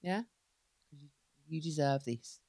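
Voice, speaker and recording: A woman's voice: low voice, unhurried, mellow, no room sound. A woman co-hosting a podcast, tired and playfully complaining about her partner. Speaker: podcast co-host. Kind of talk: casual chat.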